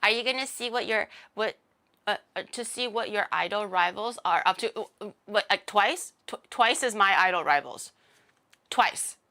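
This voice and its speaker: A woman's voice: mid-range voice, moderate pace, sharp tone. A woman VTuber chatting casually on stream, rambling and joking, with a blunt, sarcastic, self-mocking manner.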